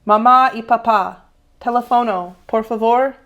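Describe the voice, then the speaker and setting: A woman's voice: on the high side, dull audio, lightly acted. A woman voicing a hurt, pleading young boy. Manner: pleading, halting. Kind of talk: children's read-aloud.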